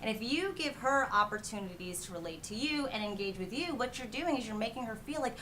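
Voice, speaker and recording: A woman's voice: fairly high pitch, big pitch swings, quick pace, few pauses, a bit bright, a little hiss or hum. A woman from New Jersey with a Jersey accent, a dating coach guest giving candid, blunt advice in a casual chat.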